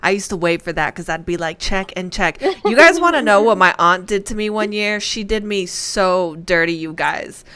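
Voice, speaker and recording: Animated woman telling a story. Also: mid-range voice, normal speed, few pauses, smooth. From United States and Spain. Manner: animated storyteller, slips into Spanish. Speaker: podcast co-host. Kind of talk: casual podcast chat, storytelling.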